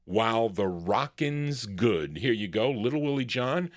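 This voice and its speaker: A man's voice: mid-range voice, animated, a little slow, noisy background. A man hosting a live record show, chatting casually and rambling with fillers as he talks to his listeners as folks. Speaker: radio show host and DJ. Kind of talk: casual live radio patter.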